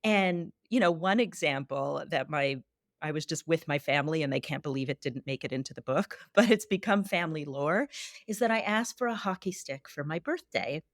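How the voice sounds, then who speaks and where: Low-voiced woman guest, measured. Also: animated, no room sound, clean studio sound. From Canada. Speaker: guest, psychologist and author. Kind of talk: casual interview.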